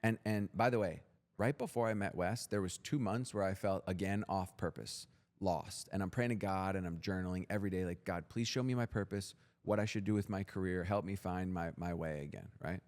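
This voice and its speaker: A man's voice: deep voice, a little fast, darkish tone. A young man as a podcast guest, telling his story in a blunt, profane, intense motivational way. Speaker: guest entrepreneur.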